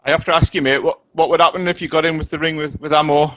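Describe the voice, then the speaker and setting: A man interviews a boxer, his voice sitting a little high. He keeps things casual, nodding along with short "ayes" before asking his next question. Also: steady tone, very fast, a bit bright, a little hiss or hum, poor audio.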